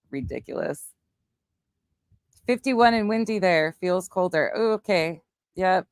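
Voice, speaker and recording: Taking her time with long pauses, a woman with a fairly low, lively, clear and resonant voice hosts a casual livestream with no room sound. She's outside on a windy night, speaking bluntly to viewers, swearing at times and saying hello to chat names.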